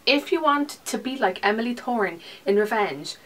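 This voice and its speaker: A young woman with an Irish accent chatting casually through her monthly beauty favourites, rambling and slipping into breathy whispered asides. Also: a little high, expressive, moderate pace, fairly bright tone. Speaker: beauty vlogger. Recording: slightly distant mic with faint hiss.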